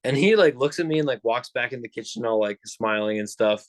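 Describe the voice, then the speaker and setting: A man's voice: mid-range voice, brisk, dry recording. A young man telling a long story on a casual podcast, rambling with lots of fillers and restarts. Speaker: podcast co-host.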